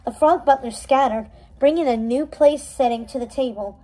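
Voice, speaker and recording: A woman reading a novel chapter aloud in a steady storytelling manner, with small slips and restarts. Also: high voice, moderate pace, poor audio. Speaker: read-aloud narrator.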